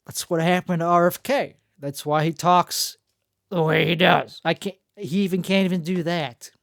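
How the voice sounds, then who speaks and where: A man with a gravelly voice, hosting a rambling solo monologue in a jokey, self-mocking way. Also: a little high, fairly even intonation, normal speed, fairly bright tone, dry recording, studio quality. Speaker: podcast host.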